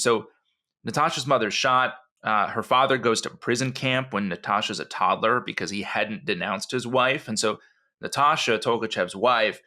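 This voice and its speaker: A man's voice: fairly low pitch, sharp tone. A man co-hosting a podcast, telling a history story in a rambling, conversational way with many asides. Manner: rambling storyteller, frequent "you know" and restarts. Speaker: podcast co-host.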